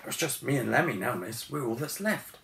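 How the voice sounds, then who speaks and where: A gruff old doorman bear with a big, loyal manner, as a man reads him aloud. He talks slowly and dutifully, with a gravelly edge in the voice. It sounds roomy and a little distant. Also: mid-range voice, animated, a bit bright. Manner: slow, dutiful, addresses everyone as miss. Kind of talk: storybook reading. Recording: roomy, distant mic, faint hiss.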